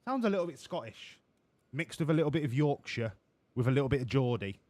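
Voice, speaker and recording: A man streams a game and talks over it in a profane, jokey, rambling way. His pitch swings widely, rising and falling as he goes. The close mic gives a dry sound with no room in it. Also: animated, fast talker, darkish tone, no echo. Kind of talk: live-streamed gameplay commentary.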